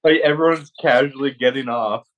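Man telling a quick anecdote. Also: mid-range voice, a bit bright, muffled recording. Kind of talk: casual chat.

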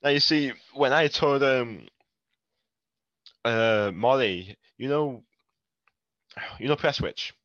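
A man's voice: medium pitch, slow, long pauses, a bit bright, no room sound, dull audio. A man hosting a casual wrestling chat, telling anecdotes and laughing often. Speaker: podcast host.

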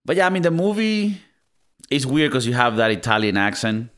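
A man co-hosting a casual movie review podcast, talking in an animated way with swearing and mock voices. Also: mid-range voice, brisk. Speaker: podcast co-host.

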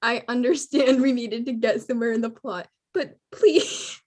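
Excitable young woman podcast co-host. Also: on the high side, unhurried. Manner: excitable, gushing, laughs often. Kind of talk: casual fan podcast chat.

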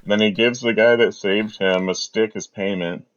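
A man co-hosting a movie podcast, calmly walking through the plot step by step. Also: on the low side, dull audio. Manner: slow, even plot recapping. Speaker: podcast co-host. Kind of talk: casual movie recap.

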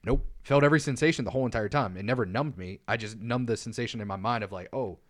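A man in casual podcast chat tells crude stories with a blunt, offhand delivery. His voice sits in a middle pitch, and he often sinks to a hushed tone for the details. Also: fast. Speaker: podcast co-host.

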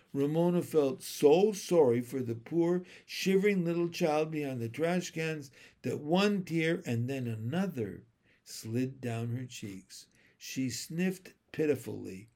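Male narrator for children's book, slow, lively pitch, slightly high. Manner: expressive, unhurried. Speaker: storyteller. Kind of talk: children's book read-aloud.

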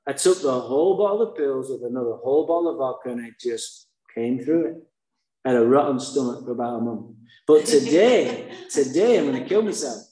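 Man, mellow-voiced, blunt and profane storyteller with dark humor, echoey room. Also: medium pitch, lively intonation, brisk. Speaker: speaker sharing his recovery story. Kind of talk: candid personal storytelling. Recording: roomy echo.

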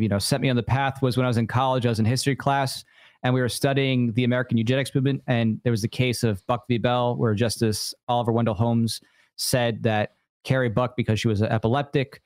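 A man's voice: mid-range voice, no echo. A man as a podcast guest, explaining his views in an earnest, hesitant way with some fillers. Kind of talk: casual interview chat.

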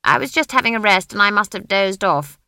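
A woman's voice: medium pitch, expressive, sharp tone, clear, resonant tone, no room sound. Woman doing a blunt old village witch. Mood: brisk. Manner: blunt, brisk, rustic.

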